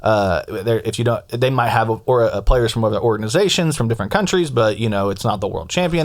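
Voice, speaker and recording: A young man hosting a casual podcast chat, telling stories with quick jokes and asides. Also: fairly low pitch. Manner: storytelling, joking, quick asides. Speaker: podcast host.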